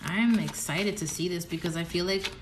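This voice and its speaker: Excitable woman tarot reader, roomy echo. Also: moderate pace. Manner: excitable, swings from low murmuring to squealing and swearing. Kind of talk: casual tarot reading to camera. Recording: roomy echo, faint background noise.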